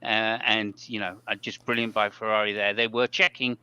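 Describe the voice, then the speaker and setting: A man's voice: on the low side, little pitch movement, normal speed, pushed and bright, smooth. A man hosting a casual motor-racing podcast chat, rambling along with plenty of fillers. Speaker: podcast host. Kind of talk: casual race commentary chat.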